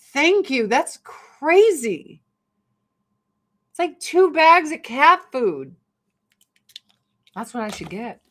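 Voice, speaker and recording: A woman's voice: a little high, a bit bright. A blunt, chatty woman of middle age talks casually while getting ready on camera. She swears freely and jumps from topic to topic in a loose, unscripted way. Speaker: vlogger. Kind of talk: casual get-ready-with-me livestream chat.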